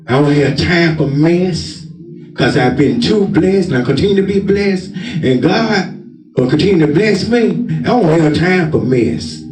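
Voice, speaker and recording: A man preaching a sermon in a loud, forceful, commanding manner. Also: fairly high pitch, lively intonation, unhurried. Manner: emphatic, loud, commanding, says he talks with force. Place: church. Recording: echoey church with organ music behind.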